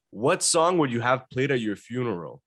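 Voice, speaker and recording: A man's voice: medium pitch, a bit bright, no echo. A man hosting a podcast, asking questions in an easygoing way with casual swearing. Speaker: podcast host. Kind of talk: casual interview chat.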